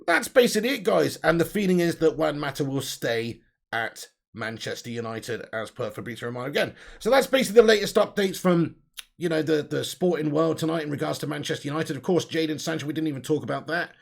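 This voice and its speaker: Young male streamer, chatty and excitable, slightly high voice with gravel, reads viewer comments. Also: quick pace. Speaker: host of a fan channel livestream. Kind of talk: live chat reading viewer comments.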